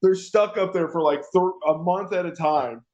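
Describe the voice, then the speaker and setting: A man's voice: high voice, moderate pace, darkish tone, a little hiss or hum. A man hosting a radio show, ranting casually and profanely, laughing and mimicking people. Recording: roomy, dull lo-fi sound.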